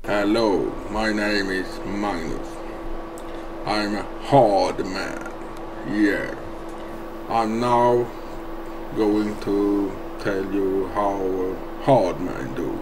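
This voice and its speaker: A man with a Swedish accent speaking deadpan, broken English, boasting over and over in a played online video. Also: on the low side, very slow, background noise. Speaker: YouTuber in a played clip.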